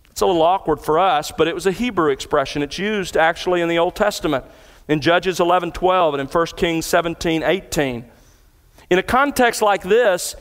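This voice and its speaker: A middle-aged man delivers an emphatic expository sermon, his voice sitting slightly high for a man. He works through scripture verse by verse with steady, earnest emphasis. His words ring out with the long reverb of a large church hall. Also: moderate pace. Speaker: pastor.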